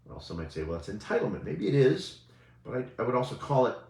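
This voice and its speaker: A man's voice: mid-range voice, expressive, fairly quick, dark tone. A male coach giving a casual motivational talk, talking conversationally and often asking "right?" as he goes. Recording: roomy echo.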